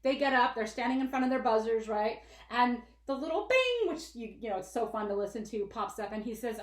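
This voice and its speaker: A woman with a high voice co-hosts a podcast in casual chat, telling stories animatedly and acting out the people she quotes. She talks fairly quickly with few pauses, in a warm indoor room with a roomy echo.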